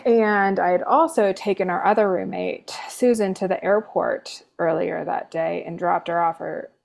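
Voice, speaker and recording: A woman's voice: fairly low pitch, fairly even intonation, normal speed, gravelly. A woman nurse, a guest in an interview, telling a personal story casually with sarcastic, dry humor and lots of fillers. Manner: chatty, many fillers like "like".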